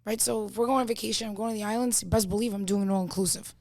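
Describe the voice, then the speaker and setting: A woman's voice: medium pitch, fairly even intonation, very fast, a little mellow, no echo. A woman, a podcast guest telling blunt, streetwise stories in casual chat, full of fillers. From Brooklyn, New York.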